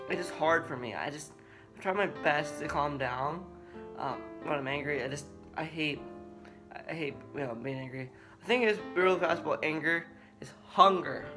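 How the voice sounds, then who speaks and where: A young man talking earnestly to camera in a vlog, halting and restarting as he speaks. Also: a little high. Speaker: vlogger. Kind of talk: personal talk to camera.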